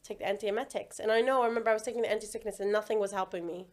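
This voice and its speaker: A woman's voice: medium pitch, very fast. A young woman with a British accent, a midwife guesting on a podcast, telling personal stories in casual chat and acting out what she said back then. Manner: animated storytelling, acts out her own past lines.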